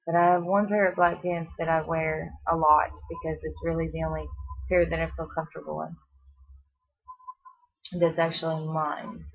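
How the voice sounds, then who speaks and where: A woman's voice: deep voice, flat delivery, moderate pace, creaky. A pregnant woman in her twenties, short of breath, chatting casually in a rambling home vlog with lots of fillers and restarts. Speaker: vlogger. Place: at home, seated. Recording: dull lo-fi home video audio.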